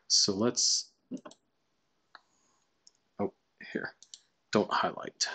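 A man walking through a software tutorial casually, thinking aloud and reading lines out to test them. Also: deep voice, slightly rough. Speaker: tutorial presenter. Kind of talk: screen-recorded software tutorial.

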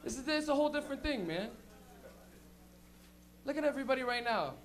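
A man doing a profane, animated stand-up routine at an open mic, acting out characters as he goes. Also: very high-pitched, fast. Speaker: stand-up comedian. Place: comedy open mic in a crowded apartment.

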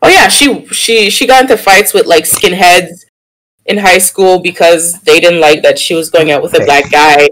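Lively young man telling a story. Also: normal speed, rough recording. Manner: animated, laughing storyteller who jumps up in pitch when excited. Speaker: podcast co-host. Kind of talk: casual chat, storytelling.

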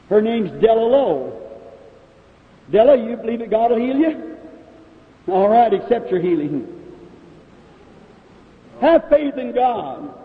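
A male preacher at a revival healing service, speaking directly to people in the audience and calling out their ailments. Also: very high-pitched. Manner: addresses audience members directly, calls out ailments. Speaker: evangelist preacher. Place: large meeting hall. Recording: echoey hall on a tinny old 1950s tape.

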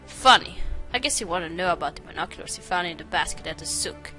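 A woman's voice: on the low side, expressive, quick pace, bright, forceful tone, faint music behind. A woman reading the lines of a sarcastic young male tech expert from a game, in her own voice. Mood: snarky.

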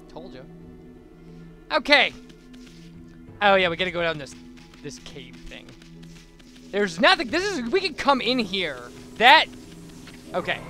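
A young man hosts a video game playthrough, cracking jokes and reading the dialogue in playful voices. His voice sits high and swings widely, with a bright, sharp tone. He sounds a little stuffy, and soft music plays behind him. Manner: playful, jokey, reads game text in goofy voices. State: stuffy after blowing his nose. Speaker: let's play host.

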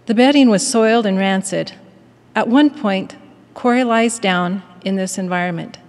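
A woman giving a prepared devotional address in a measured, earnest manner and reading a story aloud. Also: medium pitch, a little mellow, big-room sound. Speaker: devotional speaker at a university.

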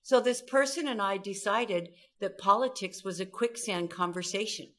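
Middle-aged woman from Southern California, animated expert guest, acts out dialogue. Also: mid-range voice, moderate pace. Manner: animated, acts out quoted voices. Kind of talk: storytelling interview talk.

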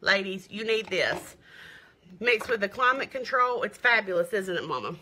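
A woman's voice: mid-range voice, lively intonation, moderate pace, pushed and bright. A middle-aged woman, doing a chatty live makeup demo and sales stream, gushing and greeting viewers by name. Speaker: makeup seller.

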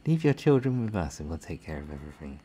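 A man's voice: extremely low pitch, very animated, fast, dark tone, husky, voice pushed down, exaggerated voice. Man putting on a smarmy British government official. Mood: patronizing. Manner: soothing, condescending, falsely caring. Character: smooth patronizing male government official, controlling.

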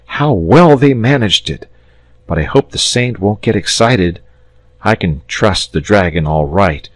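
A man's voice: on the low side, unhurried. A man voicing an eager, impatient young boy watching a staged fight in a storybook reading. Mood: admiring. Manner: impatient, excitable.

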